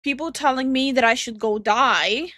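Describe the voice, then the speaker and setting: A woman's voice: sits high, moderate pace, pushed and bright, dry recording. A woman co-hosting a react video, making incredulous, dry remarks. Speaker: YouTube react co-host. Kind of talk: casual react commentary.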